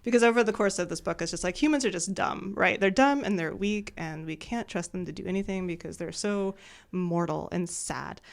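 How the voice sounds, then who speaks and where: A young woman co-hosting a podcast, chatting casually as she animatedly retells a story with quick impressions. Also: lowish voice, creaky. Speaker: podcast co-host recapping a book. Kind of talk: casual chat.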